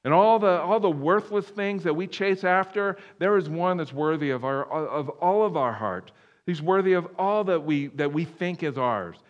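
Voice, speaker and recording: A man preaching a sermon, animated, swinging from loud emphatic bursts to hushed low passages, with many restarts. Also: moderate pace, dull audio. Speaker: pastor. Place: church room.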